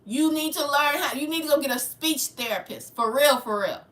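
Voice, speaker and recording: A woman's voice: high voice, normal speed, fairly bright tone, far from the mic. A woman hosting her channel with heated, preachy livestream commentary, fiery and confrontational. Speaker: channel host. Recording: echoey room, away from mic.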